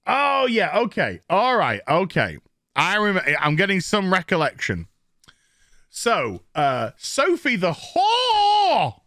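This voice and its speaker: A Northern English man tears into a TV episode with crude, mocking sarcasm. His pitch leaps all over the place as he lurches between voices. The sound is close and dry, with no room around it. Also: big pitch swings, takes it slowly, sharp tone, no room sound. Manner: mocking, crude, acts out characters in silly voices. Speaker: TV show reviewer. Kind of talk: sarcastic recap rant.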